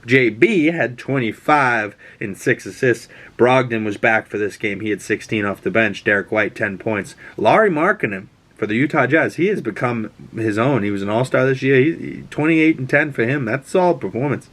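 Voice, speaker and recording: A man's voice: medium pitch, moderate pace, hardly any pauses, a bit bright. A man hosts a casual chat show in his mid-range voice. He rambles and swears freely, often stopping to restart a sentence. His delivery is loose and conversational. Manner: rambling, profane, stop-start. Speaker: podcast host.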